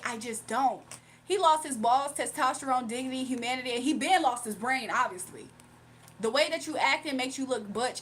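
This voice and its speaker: A woman's voice: high-pitched, fairly bright tone, far from the mic, a little hiss or hum. A woman reading tarot on a livestream, reading chat comments aloud and trading blunt, sassy trash talk with frequent laughs. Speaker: tarot reader streaming live.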